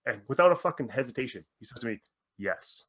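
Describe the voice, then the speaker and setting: Male mindset coach, podcast guest, animated storyteller who swears freely. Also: mid-range voice, quick pace, breathy edge. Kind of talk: podcast interview.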